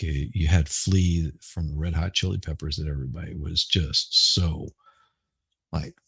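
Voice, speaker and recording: A middle-aged man with a Southern accent, hoarse right now, chatting casually and rambling on a livestream. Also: low voice, no echo. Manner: rambling, halting, repeats words. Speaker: livestream host. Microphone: headphones with mic.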